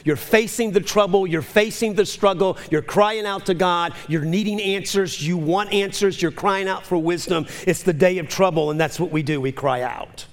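A pastor in his fifties preaching a sermon with passion, moving between loud cries and hushed whispers. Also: high voice, moderate pace, hardly any pauses. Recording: long hall reverb.

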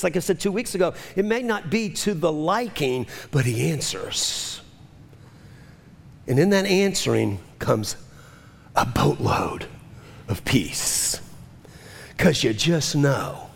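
A pastor in his fifties preaching a sermon with passion, moving between loud cries and hushed whispers. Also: fairly high pitch, vocal fry. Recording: long hall reverb.

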